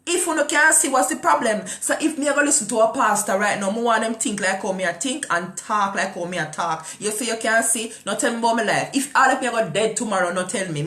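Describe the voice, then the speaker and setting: A woman's voice: medium pitch, a bit bright, echoey room. A woman with a Jamaican accent hosting a morning show in casual chat. She talks with passion, firing rhetorical questions and mixing patois with English.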